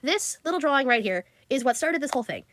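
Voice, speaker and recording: Teen girl art vlogger, quick and chatty, bit high, dry close sound. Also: lively intonation, fairly bright tone, no room sound. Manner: chatty, giggly, full of fillers. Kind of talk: casual chat.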